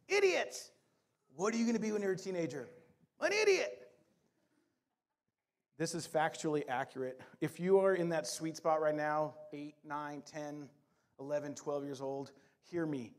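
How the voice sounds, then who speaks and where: A middle-aged man preaching a sermon as pastor, mixing scripture reading with playful humor and quick jokes. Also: on the high side, darkish tone.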